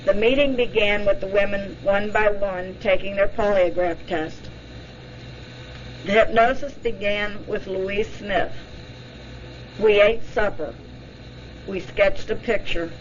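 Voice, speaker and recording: Slow, measured female documentary narrator. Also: mid-range voice, lo-fi sound, a little hiss or hum.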